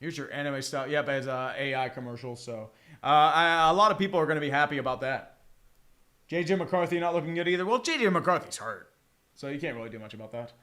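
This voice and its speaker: A man's voice: a little high, fast talker, bright, forceful tone. A man streaming a football watch-along, chatting casually and profanely, with bursts of mock play-by-play calls. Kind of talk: casual live game commentary.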